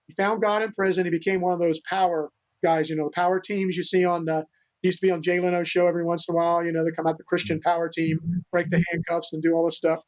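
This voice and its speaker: Older male guest, high-pitched, earnest and rambling; muffled lo-fi audio. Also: level tone, fast. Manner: earnest, rambling, many restarts. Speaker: guest, animal rescuer. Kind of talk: storytelling interview talk. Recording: dull lo-fi sound.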